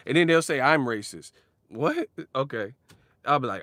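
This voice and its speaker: Male vlogger, casual profane boxing rant, very animated delivery, dry close-miked sound. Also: mid-range voice, moderate pace, no echo. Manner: animated, profane, laughs often, mocks others with sudden shouts. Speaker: boxing commentator. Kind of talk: casual ranting commentary.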